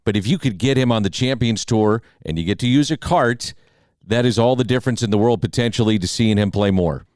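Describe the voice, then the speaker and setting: A man co-hosting a radio golf talk show, upbeat and quick to throw out questions. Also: fairly low pitch, a little mellow, no room sound, clean studio sound.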